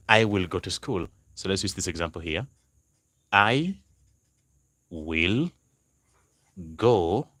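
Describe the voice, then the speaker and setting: A man tutoring German in a live online lesson, explaining slowly and repeating examples, greeting viewers by name. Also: deep voice, a bit bright, no echo. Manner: slow, repetitive explaining, spelling out words, greeting viewers.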